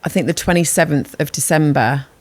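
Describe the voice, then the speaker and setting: A British woman with a notably low voice, chatting as a podcast co-host. She tells stories with lively energy, acts out the quoted lines and laughs often. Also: a little fast. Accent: British English. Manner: animated storyteller who acts out quoted dialogue and laughs often. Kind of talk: casual chat.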